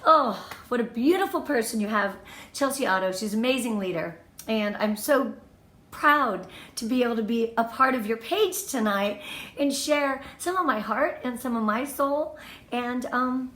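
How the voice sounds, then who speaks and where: A woman's voice: a little high, moderate pace. Bubbly woman in her fifties, echoey room. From Southern California. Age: 50s. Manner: bubbly, effusive, emotional and lively. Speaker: team leader giving a live training. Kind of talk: livestream motivational talk.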